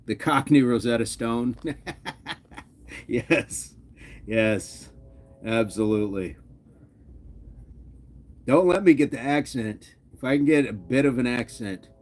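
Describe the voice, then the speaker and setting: A man's voice: mid-range voice, animated, slow, long pauses, a little mellow. A man hosting a fitness livestream, casually reading viewers' comments aloud and chatting back with an easygoing, laughing manner.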